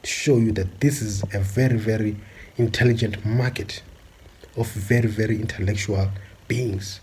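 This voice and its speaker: A man from South Africa delivering a forceful, repetitive monologue with many filler pauses. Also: on the low side, steady tone, a little hiss or hum. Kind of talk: impassioned monologue.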